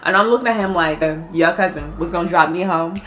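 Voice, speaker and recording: A woman's voice: lowish voice, quick pace, a bit bright, a little hiss or hum. A young woman telling a story in casual, profane chat, laughing as she goes. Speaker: vlogger.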